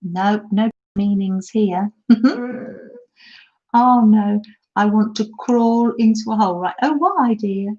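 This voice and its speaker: On her laptop mic, a middle-aged woman streams a laid-back crafting session from an indoor craft table at her holiday home. Her voice is medium in pitch, slow and darkish, the sound lo-fi, and she chats, reads comments out loud, and laughs frequently.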